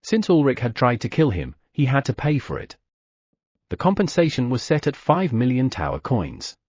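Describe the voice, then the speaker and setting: A man narrating an audiobook with expressive storytelling. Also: mid-range voice, moderate pace, husky, no echo, studio quality. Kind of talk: scripted narration.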